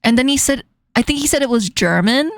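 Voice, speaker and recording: A woman's voice: high-pitched, animated, fairly quick, dry recording, clean studio sound. A woman commentating on clips in a casual reaction stream, giggling often between remarks.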